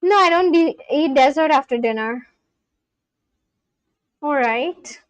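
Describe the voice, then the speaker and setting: Woman, high voice, dry sound, loose streaming chat with lots of restarts. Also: lively intonation, slow pace, no echo. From India. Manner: thinks aloud, answers chat questions, repeats practice phrases with many restarts. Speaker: livestreamer learning a language. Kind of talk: casual live-stream chat.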